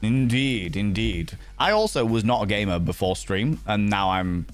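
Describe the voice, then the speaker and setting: A man's voice: fairly low pitch, sing-song, normal speed, clean tone, soft background music. A man chatting playfully and theatrically on a game stream, laughing often. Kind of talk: casual live-stream chat.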